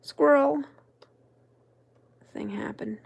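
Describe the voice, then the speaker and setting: A woman crafting-channel host who tells a meandering story in a soft, chatty whisper. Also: high-pitched, extremely slow, creaky, lo-fi sound.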